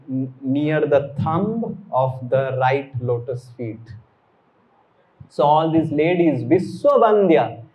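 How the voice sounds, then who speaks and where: A male spiritual teacher gives a devotional sermon at an unhurried pace. His voice sits a little high for a man. He speaks deliberately and weaves Sanskrit terms into his explanations. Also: low-quality recording.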